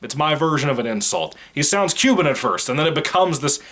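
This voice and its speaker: A man's voice: a little high, expressive, a little fast, a bit bright. A man giving a casual spoken movie review in a blunt, opinionated, rambling way, swearing freely.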